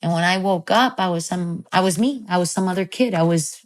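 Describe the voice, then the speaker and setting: Speaking briskly in a fairly low voice, a woman director on an interview show recounts a story in a casual, animated manner, cursing freely and filling her speech with fillers.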